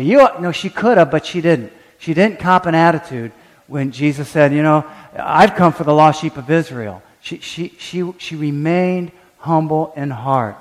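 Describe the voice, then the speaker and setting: A pastor whose voice is on the high side preaches a little slowly in a large hall. He acts out quoted prayers and voices with animation. Stammered restarts come frequently.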